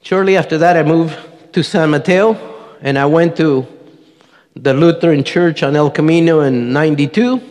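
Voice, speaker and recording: Middle-aged man, church testimony, earnest storytelling, slightly high voice, long reverb of a hall. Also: moderate pace, a little mellow. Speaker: church member giving testimony. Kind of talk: personal testimony to a congregation. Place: church sanctuary.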